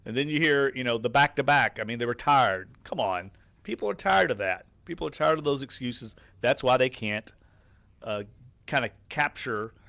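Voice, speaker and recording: Brief: New Orleans man, sports radio co-host, mid pitch, blunt and fed up, close dry mic. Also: fairly bright tone, no echo. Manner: opinionated, exasperated.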